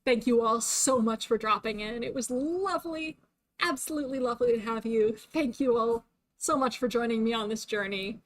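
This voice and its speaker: At a normal speed and with a somewhat high voice, a young adult woman chats casually on her VTuber livestream. She laughs a lot and uses many fillers, and fatigue is creeping into her voice.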